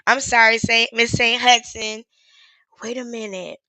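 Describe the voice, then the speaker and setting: A woman's voice: fairly high pitch, fairly even intonation, a little slow, bright, forceful tone, dry recording, poor audio. A woman hosting a casual live stream as an activist, talking candidly and emotionally, swearing freely and laughing often. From Charlotte, USA. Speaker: livestream host and activist.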